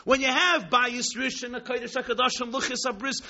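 A man telling a story in a sermon, dramatic, swinging between hushed tones and exclamations, mixing in Hebrew and Yiddish terms. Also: very high voice, steady tone, fairly quick. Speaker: rabbi teaching Chassidus. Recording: dull lo-fi recording.

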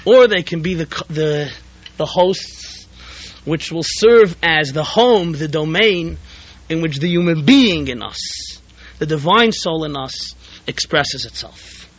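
A man, a rabbi, teaching a weekly class as an animated storyteller who often restarts phrases, on a dull lo-fi tape recording. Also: fairly high pitch, slow. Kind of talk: storytelling lecture.

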